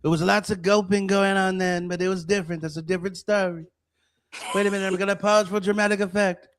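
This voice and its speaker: A man's voice: sits high, steady tone, fast talker, fairly bright tone, clear, resonant tone, pitched above the performer's own voice. A man doing a mocking impression of a boastful, rambling, crude male president, in a raised voice.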